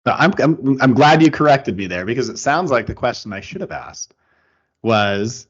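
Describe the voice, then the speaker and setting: A man's voice: mid-range voice, expressive, moderate pace, slightly rough. A man hosting a podcast interview who asks long, earnest questions and often restarts them. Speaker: podcast host. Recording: dull lo-fi audio.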